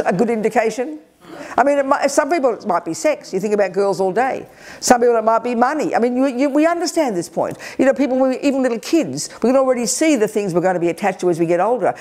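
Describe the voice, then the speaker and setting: A woman's voice: on the high side, fast talker. An older woman, a Buddhist teacher leading a retreat, talking directly and energetically to a group and taking questions. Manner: energetic, direct, lively emphasis. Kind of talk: Dharma teaching with audience questions. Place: retreat hall.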